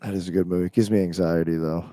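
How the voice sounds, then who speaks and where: A man's voice: sits low, fairly even intonation, racing, warm tone, no echo. A man co-hosting a podcast, chatty, joking and opinionated in casual talk. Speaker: podcast co-host. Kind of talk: casual chat.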